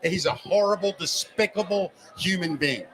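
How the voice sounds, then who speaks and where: A middle-aged man with a high voice tells stories in a loose, cussing, animated way, slipping into the voices of the people he quotes. He is broadcasting live from a bar, and a loud crowd chatters all around him. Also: normal speed, rough recording. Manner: animated storyteller who cusses freely and acts out quotes. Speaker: podcast host. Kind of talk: casual chat.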